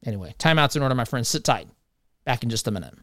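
A man's voice: mid-range voice, expressive, fast talker. A man hosting a talk show, giving opinionated political commentary in a conversational way and addressing listeners as his friends.

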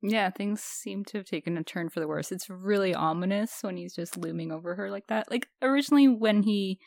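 Female co-host, mid-pitched, chatty and giggly, dry close sound. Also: brisk, gravelly, darkish tone, no room sound. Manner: chatty, giggly, lots of fillers. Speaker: podcast co-host. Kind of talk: casual chat.

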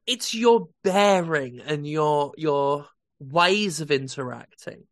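Gravelly man in deadpan mock therapy. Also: a little high, takes it slowly, dry recording, clean studio sound. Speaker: comedy podcast co-host. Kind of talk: improvised comedy chat.

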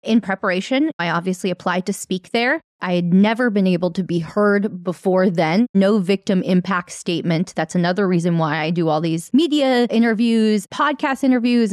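A woman's voice: mid-range voice, normal speed, few pauses, no echo, clean studio sound. A woman telling her own story in an earnest, emphatic and candid way, as a victim advocate. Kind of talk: personal testimony storytelling.

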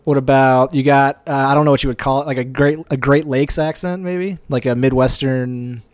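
A man chatting casually as a podcast guest, easygoing and quick to laugh. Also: mid-range voice, steady tone, no room sound. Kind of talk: casual chat.

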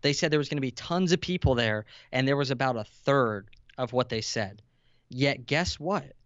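Young male guest, earnest storyteller, dry flat-sounding mic. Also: mid-range voice, moderate pace, no echo, muffled recording. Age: 20s. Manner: earnest, vulnerable, builds to intense emphasis. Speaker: podcast guest, entrepreneur. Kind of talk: emotional storytelling in conversation.

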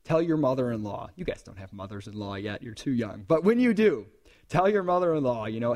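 A man giving a live conference talk in a hall, animated and joking with the audience between points. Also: mid-range voice, a little fast. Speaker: conference speaker.

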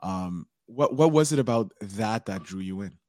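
A man hosting a casual interview who asks questions haltingly, stumbling over his words. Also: on the low side, animated, mellow, no room sound, clean studio sound. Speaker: podcast host.

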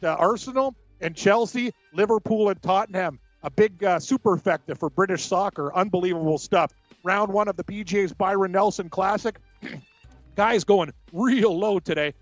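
A man co-hosting sports radio, giving brisk score updates and joking banter with frequent laughs. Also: sits high, no room sound, muffled recording. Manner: brisk, jokey, laughs often.

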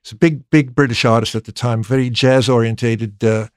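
A man's voice: mid-range voice, brisk, dry recording. Man telling a story, dry close sound. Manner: lively, acts out remembered dialogue; frequent restarts and repeated words. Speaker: record producer guest. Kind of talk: storytelling anecdote in conversation.

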